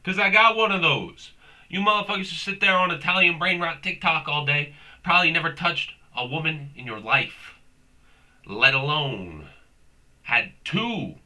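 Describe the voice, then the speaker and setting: At normal speed, a young man with a slightly high, sharp-toned voice hosts a comedic rant. He rambles, swears, talks in slang, and drops "bro" all the time.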